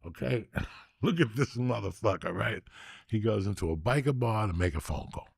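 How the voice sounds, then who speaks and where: A man hosting a podcast, telling stories in a loose, profane, excitable way. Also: fairly low pitch, moderate pace, creaky, husky, dry recording, clean studio sound. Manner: profane, excitable, animated storyteller. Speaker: podcast host. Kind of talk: casual storytelling chat.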